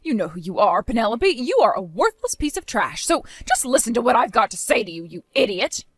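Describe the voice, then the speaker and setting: A woman's voice: fairly high pitch, big pitch swings, brisk, dry recording. A woman voicing a harsh, domineering older mother-in-law who talks in a scornful, insulting way.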